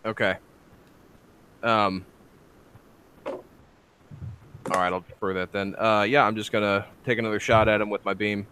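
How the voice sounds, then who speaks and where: A man's voice: on the low side, little pitch movement, a little slow, long pauses, pushed and bright, slight background noise. A man playing a tabletop game, hesitant and full of fillers. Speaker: player. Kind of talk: tabletop role-play.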